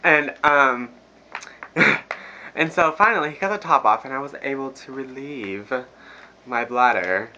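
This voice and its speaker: A man's voice: medium pitch, a little slow, long pauses, bright, forceful tone, highs cut off, a little hiss or hum. A young man telling a crude story to his viewers in a casual, profane, laughing rant. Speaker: vlogger. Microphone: phone camera.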